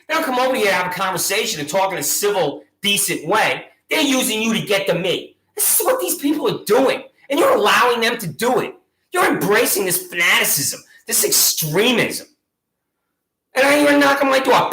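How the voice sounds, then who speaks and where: Combative male ranter, high-pitched and bright, sarcastic accusatory tone, roomy echo. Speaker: video channel host. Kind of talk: angry monologue to camera.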